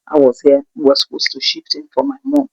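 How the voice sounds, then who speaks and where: A Nigerian woman telling a personal story in an animated way, acting out the voices of the people in it. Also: deep voice, brisk, gravelly, no room sound. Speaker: vlogger. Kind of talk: storytime narration. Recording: dull, dry recording.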